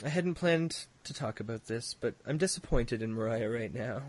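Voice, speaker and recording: A man's voice: mid-range voice, lively intonation, moderate pace, a little mellow, no echo. A man from Halifax, Canada, co-hosting a podcast in casual chat, rambling with laughing asides and mocking imitations. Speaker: podcast co-host.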